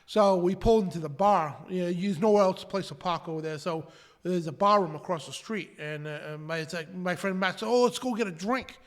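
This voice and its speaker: A man's voice: high voice, a little fast. A man co-hosting a talk show, telling a story loosely with plenty of fillers. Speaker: co-host. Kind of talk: casual chat.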